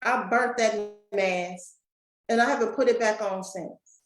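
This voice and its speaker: Unhurried and mid-range, a woman coach addresses a summit crowd both live and online with a folksy motivational talk, speaking right to them. The audio is low quality, with an echoey room.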